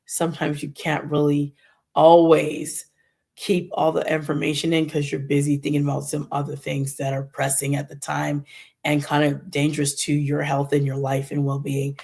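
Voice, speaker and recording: A woman's voice: sits low, completely flat delivery, normal speed, creaky, darkish tone, slightly rough. A middle-aged woman talking in a rambling, conversational way as she shares a candid personal faith testimony on her channel. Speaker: Christian vlogger.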